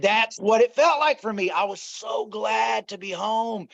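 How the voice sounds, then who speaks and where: A man's voice: high voice, a little slow, creaky, fairly bright tone, dry recording. Earnest storytelling man, dull dry audio. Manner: earnest, repeats himself, addresses listeners as y'all. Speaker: interview guest. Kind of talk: emotional personal storytelling. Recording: dull, slightly lo-fi dry sound.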